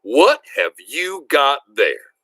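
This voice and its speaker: A man reading aloud, voicing a booming, kind rural father in a novel. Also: wildly swooping pitch, slow, pushed and bright, no room sound, heavily acted. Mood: hearty. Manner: booming, hearty.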